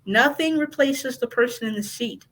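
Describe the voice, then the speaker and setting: A woman guest on a casual podcast, a dispatch trainer with a slightly high voice. She talks in an earnest, emphatic way, driving her points home by repeating them and laughing along with the host. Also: moderate pace, a bit bright, poor audio. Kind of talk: casual podcast interview chat.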